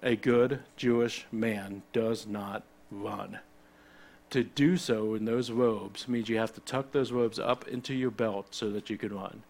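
A man's voice: fairly low pitch, steady tone, unhurried, a little mellow. A middle-aged man preaching a sermon in a conversational way, with personal asides and frequent restarts. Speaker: pastor.

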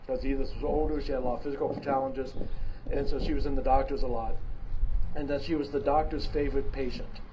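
A man giving a sermon as pastor, talking casually with fillers and restarts, then swelling to loud, emphatic preaching. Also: medium pitch, fairly even intonation, fast. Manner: emphatic preaching with big swings in loudness. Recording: dull lo-fi sound with clear background noise.

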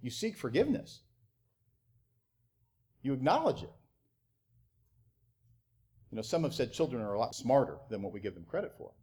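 A young adult man delivers a sermon with a lively, swooping pitch. He breaks into mocking acted-out quotes of parents between his points. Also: normal speed, pauses often, husky. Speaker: pastor.

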